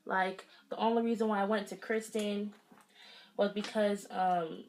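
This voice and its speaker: A young adult beauty vlogger from the Los Angeles area chats casually through a storytime while getting ready, acting out quoted lines. Her voice is medium-pitched and a little mellow, with fairly even intonation and a measured pace.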